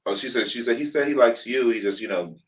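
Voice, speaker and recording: A man's voice: mid-range voice, fast, recorded from a distance, low-quality recording. A man co-hosting a casual review chat, telling the story with feeling, acting out quotes, and swearing freely. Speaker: podcast co-host.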